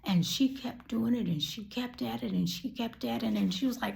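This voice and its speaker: A woman's voice: fairly high pitch, normal speed, vocal fry, darkish tone. A woman preaching a personal testimony, telling a story and dropping to whispers at emotional moments.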